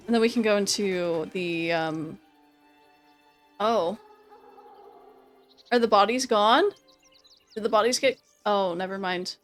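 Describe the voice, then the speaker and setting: A woman streamer chatting casually over gameplay, laughing often and repeating herself when excited. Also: mid-range voice.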